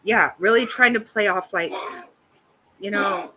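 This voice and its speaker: A woman's voice: mid-range voice, measured pace, noisy background. A woman in her fifties hosting a livestream, chatting casually with viewers and giving blunt, profane reactions to a trial. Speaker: livestream host.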